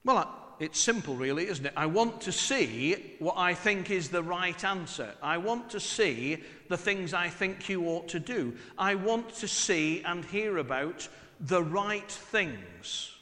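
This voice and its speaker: A man's voice: high-pitched, animated, slow, pushed and bright, in a large hall. A middle-aged man from northwest England with a northwest English accent, preaching a chatty, humorous sermon full of rhetorical questions.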